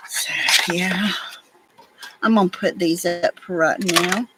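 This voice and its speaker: A woman's voice: mid-range voice, takes it slowly, pauses often, noisy background. A woman, chatting casually and rambling as she works on crafts at home, now and then talking to her pets. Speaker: crafting vlogger. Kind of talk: casual chat while crafting.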